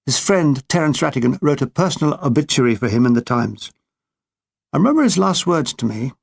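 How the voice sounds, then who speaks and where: A man reading his own war memoir with a dry, deadpan comic delivery. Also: medium pitch, a little fast, vocal fry, slightly rough. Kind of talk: audiobook memoir narration.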